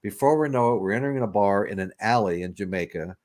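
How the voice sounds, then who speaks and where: A man's voice: fairly low pitch, fast, a little mellow. A man hosting a podcast, telling a long story in a rambling way with restarts. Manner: rambling, with repeated restarts and laughs. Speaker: podcast host. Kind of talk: casual storytelling chat.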